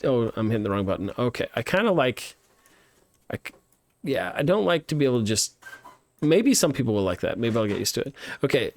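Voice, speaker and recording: With a medium pitch and no room sound, a man comments on a live-streamed playtest of student games. He gives feedback by thinking aloud, full of fillers and restarts.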